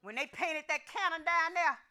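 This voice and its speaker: A woman's voice: very high-pitched, normal speed, bright, forceful tone. An older woman, preaching and telling a story in an emphatic, dialect-rich way that rises into fervor. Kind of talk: testimony-style sermon storytelling.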